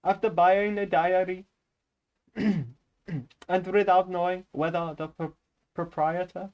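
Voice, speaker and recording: A theatrical, sing-song Indian English accent, which a man puts on to read prose aloud. It sits noticeably higher and louder than his everyday voice. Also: steady tone, slow, lo-fi sound. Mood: playful. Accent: put-on Indian English. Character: man reading narration in a put-on Indian accent.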